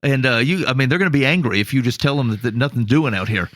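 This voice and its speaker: A man from Iowa spins a long, self-mocking story in a relaxed chat, often chuckling at his own blunders. His voice sits in an everyday middle pitch and is recorded close and dry. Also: fast talker, no room sound. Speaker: podcast co-host. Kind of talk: casual storytelling.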